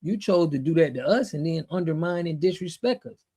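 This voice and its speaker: A man's voice: a little high, lively intonation, brisk, mellow, husky. An American man hosting a casual livestream, answering chat in an emphatic, slangy way and repeating himself when he gets fired up. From United States. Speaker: show host.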